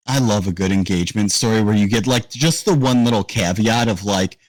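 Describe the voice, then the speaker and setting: Low-voiced man in a dry room. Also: fairly quick, dry recording, low-quality recording. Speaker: podcast co-host. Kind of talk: casual chat.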